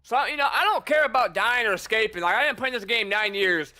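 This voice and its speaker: Male streamer, very high and piercing voice, chatty and teasing in casual gameplay commentary. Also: fairly quick, pushed and bright. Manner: chatty, teasing taunts at opponents. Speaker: gamer streamer.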